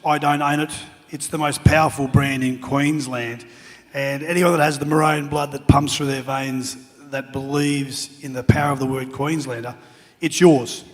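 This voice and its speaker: A man's voice: mid-range voice, fairly even intonation, normal speed, in a large hall, faint music behind. A middle-aged Australian man telling funny stories as a guest speaker at an awards night. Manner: jokey anecdotes with acted-out shouts. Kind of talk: after-dinner storytelling.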